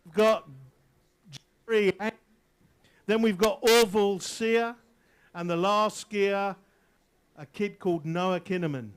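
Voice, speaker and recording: An English man commentates live on a water ski event outdoors, joking with the crowd between jumps. His voice sits high for a man and rings out smooth and clear. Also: slow, long pauses. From England. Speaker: event announcer. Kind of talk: live sports commentary over a PA.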